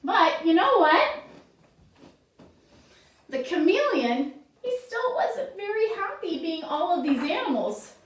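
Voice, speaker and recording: A woman's voice: very high-pitched, big pitch swings, slow pace, long pauses. A woman teaching children's yoga through a story, guiding in an encouraging, sing-song way. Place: yoga studio. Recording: echoey room, voice from far off.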